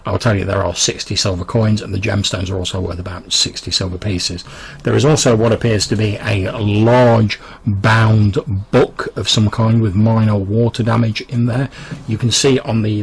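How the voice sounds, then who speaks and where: Gravelly-voiced game master narrating. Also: male voice, fairly low pitch, poor audio. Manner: rambling, full of restarts and "like".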